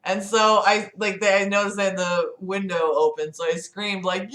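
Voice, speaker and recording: A woman's voice: medium pitch, fairly quick, a bit bright, reverberant. A young woman hosting a casual livestream from her city apartment, rambling and giggling, with lots of "like". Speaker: livestream host.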